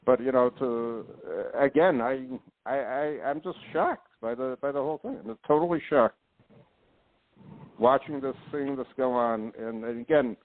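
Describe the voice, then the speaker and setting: A man's voice: medium pitch, moderate pace, no room sound. Indignant man podcast host over phone. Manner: rambling, indignant, restarts often. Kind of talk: casual chat. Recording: tinny phone-line sound.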